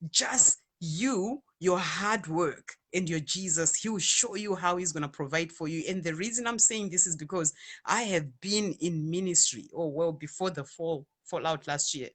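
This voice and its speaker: Bright-voiced Zimbabwean woman. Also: on the low side, moderate pace. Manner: animated, mixing Shona and English. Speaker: online radio DJ and ministry speaker. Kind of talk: casual talk to viewers.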